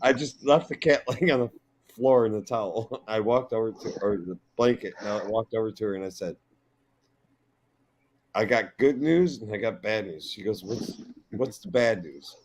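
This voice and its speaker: A man's voice: on the low side, normal speed, slight background noise, low-quality recording. A middle-aged man hosting a casual live stream, telling rambling stories in a blunt, profane way. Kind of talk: casual chat.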